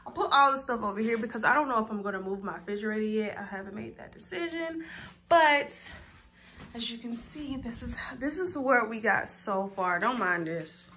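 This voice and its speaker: A woman's voice: fairly high pitch, expressive, moderate pace, sharp tone. Chatty young woman vlogging, slangy. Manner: chatty, slangy, talks straight to viewers. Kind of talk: casual chat to camera. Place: her bedroom.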